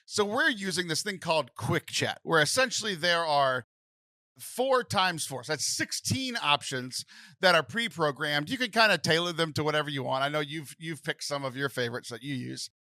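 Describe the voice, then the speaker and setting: A man with a bright, fairly high voice that swings up and down as he talks. He explains things at length in a casual podcast chat and laughs often. The sound is close and dry. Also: animated, normal speed, no room sound. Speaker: podcast host.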